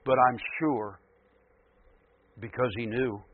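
A man preaching a sermon, building to loud emphatic peaks and then dropping low again. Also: steady tone, takes it slowly, slightly rough, no echo, narrow, tinny audio.

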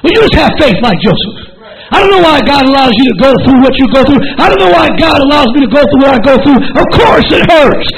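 A male preacher delivers a fervent sermon, full of repeated phrases and rising calls. His voice sits very high and has a gravelly, creaky grain. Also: animated, quick pace, rough recording. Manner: fervent, repetitive, builds to shouting.

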